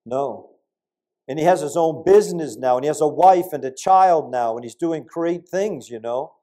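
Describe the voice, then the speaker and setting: Older male preacher with a warm, fairly high voice; lively sermon delivery that swings between loud peaks and quiet asides. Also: moderate pace.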